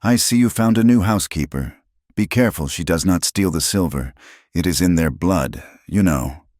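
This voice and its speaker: A man's voice: fairly low pitch, drawn-out words, dry recording, studio quality, pitched above the performer's own voice. A man voicing a cruel, smug sheriff who talks in a mocking, sneering way.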